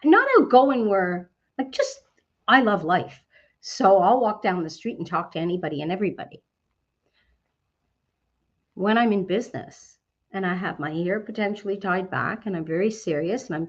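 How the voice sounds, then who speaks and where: A Canadian woman giving a motivational talk to a business network. She is outgoing and animated, and she often asks questions and then answers them herself. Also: medium pitch, slightly rough, highs cut off.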